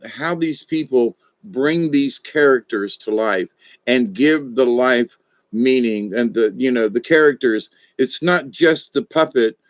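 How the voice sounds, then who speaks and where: An older man and former stage director telling rambling, animated stories in a casual monologue, often trailing off and restarting. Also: medium pitch, no room sound. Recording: dull, dry lo-fi audio.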